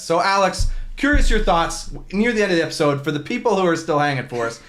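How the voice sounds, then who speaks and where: A man's voice: on the high side, animated, fairly quick, hardly any pauses, a bit bright. Joking, rambling male podcast host. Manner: rambling, joking, many restarts. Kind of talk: casual chat.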